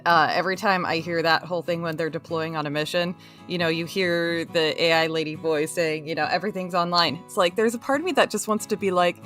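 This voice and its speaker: A woman's voice: medium pitch, sharp tone. A woman hosting a casual crochet live stream, bubbly and giggly, greeting her chat one by one.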